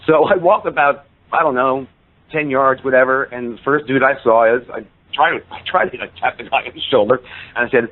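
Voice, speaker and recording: A middle-pitched man in his fifties tells a story as a podcast guest. He talks casually, jumping up and down in pitch as he acts out the people in the tale. The sound is narrow and tinny, like a phone call. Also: brisk. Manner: animated, acts out quoted people with voice shifts.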